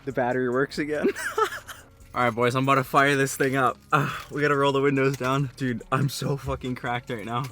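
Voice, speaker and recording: A young man vlogging casually about his car, talking in an excited, rambling way and swearing a lot. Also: medium pitch, a little fast, faint music behind.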